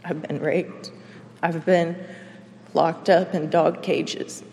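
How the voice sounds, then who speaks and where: A woman giving a personal faith testimony, earnest and emotional, speaking in halting phrases with pauses. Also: low-pitched, steady tone, a little mellow, a little hiss or hum. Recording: long reverb, as in a large hall.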